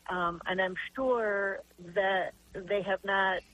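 A woman's voice: medium pitch, steady tone, slow, a bit bright, poor audio. An older woman, a grandmother, calling in to a radio talk show and telling an earnest, rambling story with many restarts. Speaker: caller. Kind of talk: call-in radio question.

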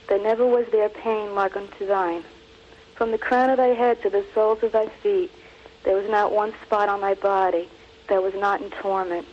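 Female caller, earnest and measured prayer reading, muffled phone line. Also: mid-range voice, slight background noise. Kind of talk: reciting a prayer over the phone.

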